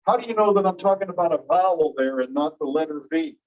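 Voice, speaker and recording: A man teaching a linguistics class, explaining slowly and repeating key phrases while checking that students follow. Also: on the high side, animated. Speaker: linguistics instructor. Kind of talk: classroom lecture. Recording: muffled distant classroom recording.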